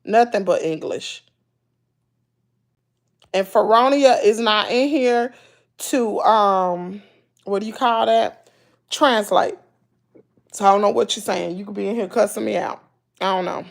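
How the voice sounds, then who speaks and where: A woman's voice: mid-range voice, unhurried, vocal fry, pauses often. A woman with a Southern US accent chatting casually to her livestream viewers, folksy and preachy, repeating herself for emphasis. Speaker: YouTuber talking to live chat.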